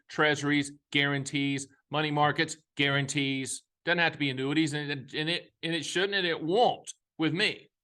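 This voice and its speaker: His medium-pitched voice has a sharp tone as this fifty-something annuity advisor and show host talks casually about retirement savings. Folksy and emphatic, he adds jokey asides, and his speech carries a Southern US accent at times.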